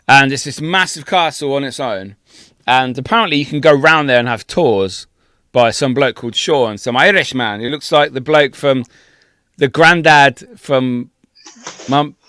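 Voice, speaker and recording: A man's voice: mid-range voice, unhurried, a bit bright, clear, resonant tone, dry recording, clean studio sound. A young adult man, a podcast co-host, telling a long anecdote in casual chat, full of swearing.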